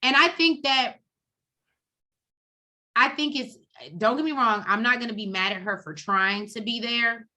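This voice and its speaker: A woman with a bright, ringing voice co-hosts a casual reality TV recap. She talks bluntly and profanely, and she acts out what people said as she tells the story. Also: on the high side, a little slow, long pauses. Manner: blunt, profane, animated storytelling with acted quotes. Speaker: co-host of a TV recap show.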